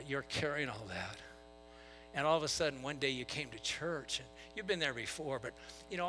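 A man preaching a sermon to a church, telling stories and swinging between soft asides and loud bursts. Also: medium pitch, poor audio. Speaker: pastor.

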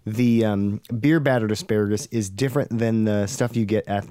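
A man's voice: lowish voice, fairly even intonation, normal speed, mellow, clean tone. A man co-hosting a podcast, chatting easily about food with many ums and restarts. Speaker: podcast co-host. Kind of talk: casual chat.

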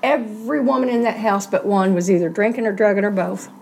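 A woman's voice: mid-range voice, steady tone, brisk, gravelly, a little mellow, a little hiss or hum. A middle-aged woman, earnestly telling a personal story in an interview and acting out the voices she quotes.

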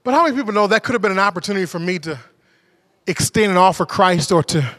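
A man preaching a sermon, telling a personal story with animated swings from shouting to hushed, quiet moments. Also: high voice, fast.

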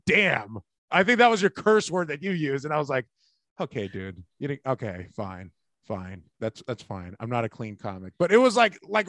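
A comedian chatting casually, telling stage stories and acting out what people said. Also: male voice, on the high side, dry recording. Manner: animated storyteller, acts out quotes. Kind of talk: casual podcast chat.

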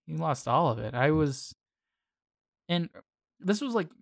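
Chatty podcast host, dry close sound. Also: male voice, a little high, measured pace, creaky, no room sound. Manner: animated, playful, lots of filler "like". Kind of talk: casual chat.

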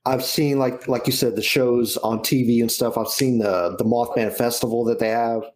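A man co-hosting a podcast who talks in a relaxed, somewhat hesitant and agreeable way. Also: mid-range voice, normal speed. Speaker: podcast co-host. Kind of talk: casual chat.

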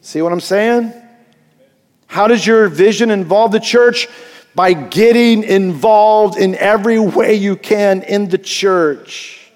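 A middle-aged man preaching in a high voice, now and then pushing to near shouts to drive his point home. He keeps asking his congregation questions. His sermon rings out through a big sanctuary with a long echo. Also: slow. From Eastern Kentucky. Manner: animated preaching, asks the crowd questions, rises to near shouts. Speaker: pastor. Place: large church sanctuary. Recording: long reverb of a big hall.

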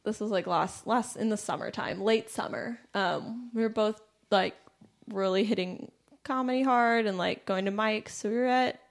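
A woman's voice: medium pitch, normal speed, gravelly. A young woman comedian telling a story in casual conversation, laughing often and acting out the voices in her tale. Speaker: comedian guest.

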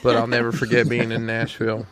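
A man's voice: medium pitch, monotone, fast, fairly bright tone. A man co-hosting a live stream, telling a story in casual chat. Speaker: podcast co-host.

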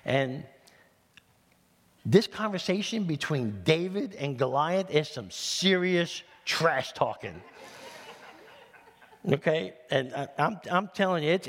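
A man pastor from New City, preaching in an animated, conversational way with humorous asides. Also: a little high. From New York City. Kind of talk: sermon. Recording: long hall reverb.

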